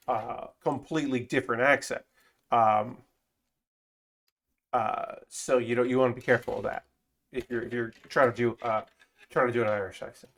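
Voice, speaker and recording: Man, casual stream chat, rambling, self-correcting, swears a lot. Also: medium pitch. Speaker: streamer building model kits.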